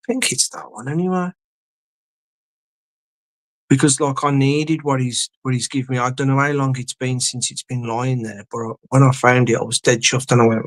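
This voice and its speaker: A man's voice: mid-range voice, fairly even intonation, fairly quick, no echo. A man chatting casually on a late-night live stream, rambling, trailing off and swearing a lot.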